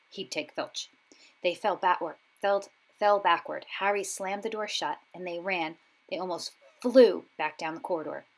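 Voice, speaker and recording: A woman reading a children's storybook aloud, expressive and giving each character a voice. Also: lowish voice, low-quality recording. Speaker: audiobook reader.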